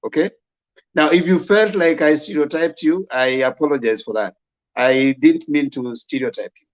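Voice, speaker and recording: Man, debate host, calm and conciliatory, slightly higher voice, muffled lo-fi sound. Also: moderate pace. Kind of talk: moderating a debate. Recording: dull lo-fi sound.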